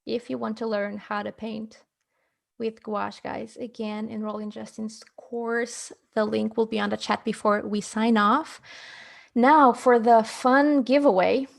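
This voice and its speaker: A fairly high-voiced woman hosts a live art stream in a bright, chatty manner. She plugs courses and runs a giveaway in a casual way, with a gravelly edge at the ends of her phrases. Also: little pitch movement, unhurried. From Canada. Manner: upbeat, chatty, promotional. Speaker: livestream host.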